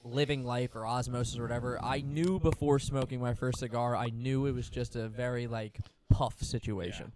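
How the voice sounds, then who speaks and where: A man's voice: medium pitch, fairly even intonation, moderate pace, hardly any pauses, darkish tone. A man with an American accent co-hosting a podcast, asking questions and chiming in casually. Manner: chimes in with questions and reactions. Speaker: podcast co-host. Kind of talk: casual chat.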